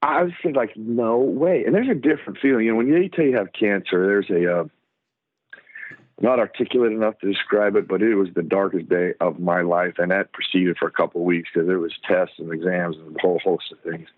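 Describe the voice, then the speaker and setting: A man's voice: sits low, fairly quick. A middle-aged man, a former football player, tells stories as a guest in a casual interview and acts out the voices of the people in them. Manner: animated storyteller who acts out the lines of others. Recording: dry, tinny phone line.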